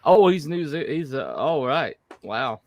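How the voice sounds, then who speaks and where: Gravelly man, rambling casual chat. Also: a little high, expressive, a crowd in the background. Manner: rambling, halting with many fillers and restarts. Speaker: podcast co-host.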